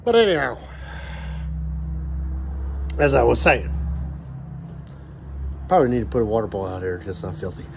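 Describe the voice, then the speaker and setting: Brief: young man vlogging outdoors, a foul-mouthed rambling rant, animated pitch. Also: moderate pace, gravelly, pauses often, background noise. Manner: angry, profane, rambling. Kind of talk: profane ranting vlog. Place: outdoors by a backyard grill.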